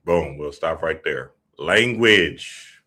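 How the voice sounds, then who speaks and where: A man's voice: very deep voice, expressive, takes it slowly, bright, forceful tone. A man hosting a show, talking in a casual, profane, slang-heavy monologue full of stories. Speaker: podcast host.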